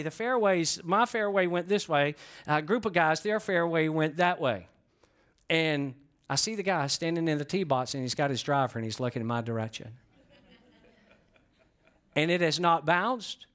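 A middle-aged man preaching, telling an animated, self-deprecating story and asking the congregation questions. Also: high-pitched, clean tone. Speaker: pastor. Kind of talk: storytelling sermon. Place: church before a congregation.

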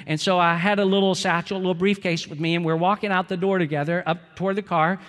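A man's voice: high voice, steady tone, quick pace, fairly bright tone, long reverb tail. A middle-aged man preaching a sermon as pastor, earnest and storytelling, repeating phrases for emphasis.

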